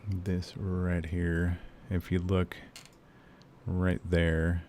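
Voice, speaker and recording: A man's voice: low-pitched, completely flat delivery, extremely slow, a little mellow, slight background noise. A man streaming a game, chatting casually and ranting with lots of swearing and fillers. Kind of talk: casual live-stream chat.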